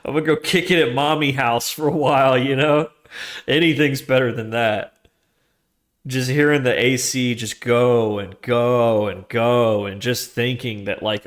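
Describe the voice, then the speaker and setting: Male streamer, mid-pitched, casual slangy chatter, drops into quiet muttering while coding. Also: fairly even intonation, measured pace. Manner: slangy, with laughs between phrases. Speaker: streamer coding a trading engine. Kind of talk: casual live-coding chat.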